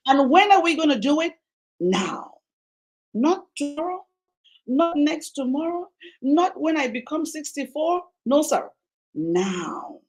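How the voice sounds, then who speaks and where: A woman hosting a talk show, speaking in an animated, exhortative way to her audience. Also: on the high side, rough recording. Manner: animated and exhortative, acting out quoted voices. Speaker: host.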